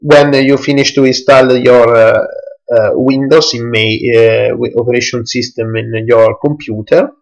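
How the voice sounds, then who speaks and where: A young man, an English speaker, walks through a computer setup in a screencast tutorial, pausing often and restarting his sentences. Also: mid-range voice, steady tone, gravelly, low-quality recording. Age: young adult. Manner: halting, many fillers and restarts, non-native English. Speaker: tech tutorial presenter.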